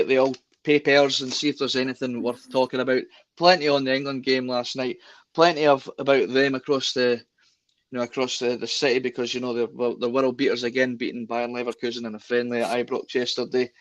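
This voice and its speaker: A man's voice: mid-range voice, a bit bright, highs cut off. Chatty Scottish man hosting a podcast. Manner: chatty, upbeat, repeats words as he restarts. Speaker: podcast host. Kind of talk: casual football podcast chat.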